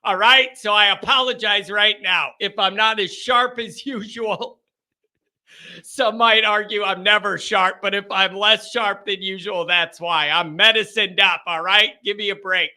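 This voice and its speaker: Man, hoarse and under the weather, high-pitched, bright, chatty host, self-deprecating. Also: fairly even intonation, a little slow. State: hoarse, sick, sore throat. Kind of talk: sports call-in show.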